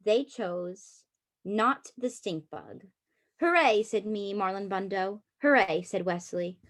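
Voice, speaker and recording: A woman reading a children's storybook aloud at a church service, gentle and even. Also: medium pitch, takes it slowly.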